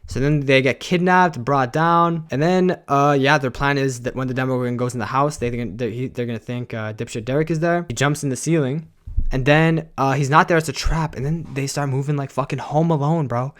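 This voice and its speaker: A man's voice: mid-range voice, fairly quick. A young adult man streaming a casual recap of a series, talking in loose slang and rambling with lots of "bro" and "guys.".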